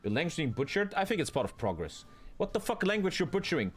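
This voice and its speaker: A man's voice: fairly high pitch, very animated, fast talker. A man with a German accent, streaming a strategy game with casual, profane, rambling commentary. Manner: profane, rambling, bro-talk. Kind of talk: casual live gaming commentary.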